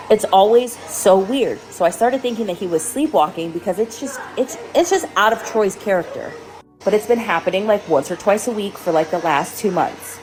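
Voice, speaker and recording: A woman's voice: on the low side, a little mellow, low-quality recording. A woman, a mother, telling a story to camera in an alarmed, emphatic way.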